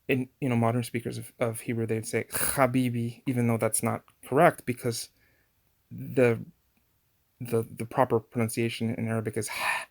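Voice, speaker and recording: A man's voice: mid-range voice, creaky, slightly rough. A man giving a casual language lesson on pronunciation, chatty and full of fillers and restarts. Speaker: language teacher.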